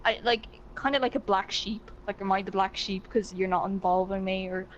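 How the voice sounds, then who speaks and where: A woman's voice: medium pitch, steady tone, normal speed, lo-fi sound, slight background noise. A woman from Ireland with an Irish accent, chatting casually as a guest and filling her talk with "like". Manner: chatty, many "like" fillers. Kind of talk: casual chat.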